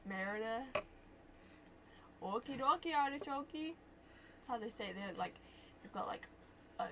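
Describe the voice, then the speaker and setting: A woman's voice: medium pitch, expressive, normal speed, a crowd in the background. A young woman, the host's daughter, joking around in casual chat. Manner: playful, goofy jokes.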